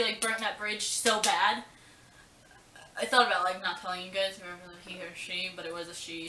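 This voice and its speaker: A woman's voice: medium pitch, sharp tone. A young woman telling a personal story in a casual vlog, rambling and emotional with lots of fillers. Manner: rambling, emotional, full of fillers and quoted dialogue. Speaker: vlogger. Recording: roomy, distant from the mic.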